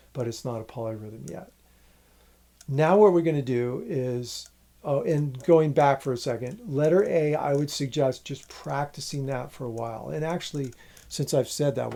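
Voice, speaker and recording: A man teaching a music lesson, patiently explaining a rhythm and counting its syllables out loud. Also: mid-range voice, a little hiss or hum.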